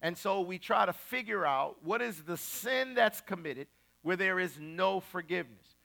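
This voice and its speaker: A man preaching a sermon in a colloquial, emphatic style, rising to loud repeated lines. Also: high-pitched, lively intonation, normal speed, gravelly. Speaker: pastor.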